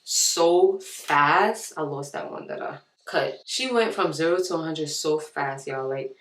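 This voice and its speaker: A woman's voice: low voice, unhurried, a bit bright. A young woman vlogger telling a heated story and acting out both sides. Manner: emphatic, heated. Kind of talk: storytime while doing her hair. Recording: echoey room.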